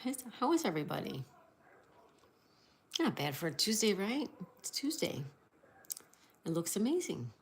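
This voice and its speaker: A woman's voice: mid-range voice, sing-song, a little slow, pauses often, slightly rough. A woman hosting a casual livestream, greeting viewers, reading chat aloud and spelling out crossword answers. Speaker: livestream host.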